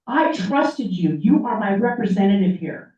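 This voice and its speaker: A woman's voice: mid-range voice, expressive, normal speed, mellow. An older woman making an upset, emphatic public comment at a city meeting, pleading with the officials. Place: city council chamber. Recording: echoey room mic, heard from far off, dull.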